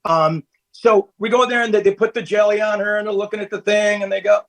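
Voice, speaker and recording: A man's voice: high voice, steady tone, fairly quick, fairly bright tone, low-quality recording. A man in his fifties, a podcast guest, telling candid stories in casual chat from home over a call. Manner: candid, storytelling, laughs easily. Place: at home, family nearby.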